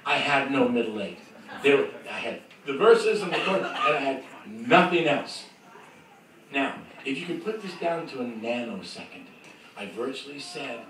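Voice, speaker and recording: A man spins an on-stage story with a lively, swooping voice, laughing and poking fun at himself as he goes. His voice sits a little high for a man. The room is very echoey and the mic is far away, with music in the background. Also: moderate pace, noisy background. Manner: animated, laughing, self-mocking storytelling. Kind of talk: live on-stage anecdote. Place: live venue on a cruise ship.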